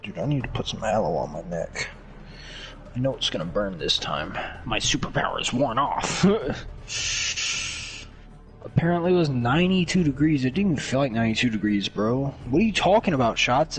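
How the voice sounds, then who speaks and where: A young man streaming games and chatting casually, excitable and joking, swinging between whiny pleading and low muttering. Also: moderate pace, soft background music. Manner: excitable, joking, lots of laughter. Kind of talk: casual gaming stream chat.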